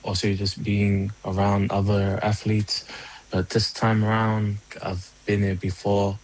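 Low-voiced athlete from Niue. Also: male voice, monotone, unhurried, darkish tone, rough recording. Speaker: athlete being interviewed. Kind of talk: interview.

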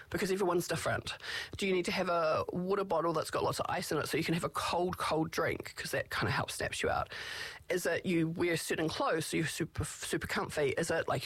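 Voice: medium pitch, a bit bright, slightly rough, dry recording. A speaker in casual advice talk, candid and reflective, giving self-advocacy tips in long rambling phrases.

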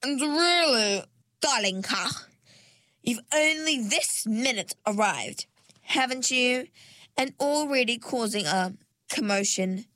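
A woman's voice: a little high, expressive, slow, a bit bright, no echo, voice pushed up. A woman voicing a vain grown mermaid lady who speaks in a falsely sweet, affected way with posh endearments. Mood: sugary. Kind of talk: storybook narration.

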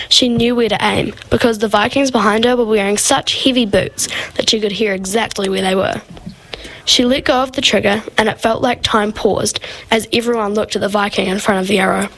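A woman reading a story aloud at a steady, measured pace. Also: mid-range voice, rough recording. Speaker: story reader.

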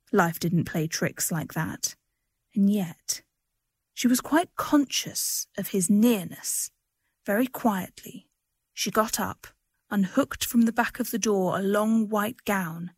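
A woman reading a short story aloud in a gentle, expressive storytelling manner. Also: medium pitch, slightly rough, dry recording, studio quality. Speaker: reader. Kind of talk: audiobook narration.

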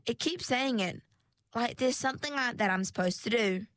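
Lady doing a shy little mermaid girl, higher voice, halting, kinda unsure. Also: a bit bright, dry recording, natural voice. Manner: hesitant, halting.

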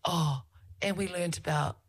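A woman's voice: fairly low pitch, a little slow, slightly rough. A woman with a New Zealand accent voicing her gloomy teenage son in a mimicking drawl. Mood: glum.

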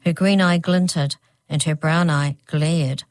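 Woman narrator, low pitch, dry close sound, measured storybook reading. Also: steady tone, no echo. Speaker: audiobook narrator.

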